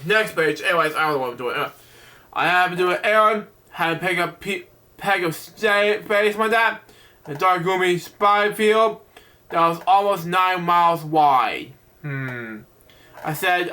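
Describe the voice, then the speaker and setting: A man's voice: on the high side, bright, forceful tone. A man reading a children's picture book aloud at bedtime, stumbling over words and breaking off for chatty side comments. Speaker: bedtime story reader.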